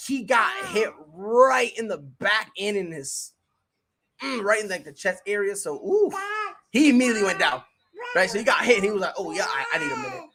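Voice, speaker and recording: A streamer giving casual live play-by-play commentary, slangy and excitable, chatting with viewers between plays. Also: mid-range voice, moderate pace, slight background noise. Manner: excitable, bursts into shouted reactions and laughter. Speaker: sports streamer.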